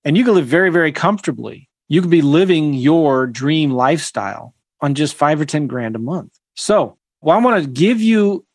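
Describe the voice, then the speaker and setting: A man's voice: on the high side, lively intonation, normal speed, hardly any pauses, a little mellow, no echo. A man coaching real estate on a livestream, rambling with self-deprecating asides while reading a story aloud to viewers.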